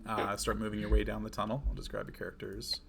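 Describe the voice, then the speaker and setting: A man narrating a tabletop game as game master, in a relaxed, descriptive way with fillers. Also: lowish voice, fast talker, vocal fry, crowd noise.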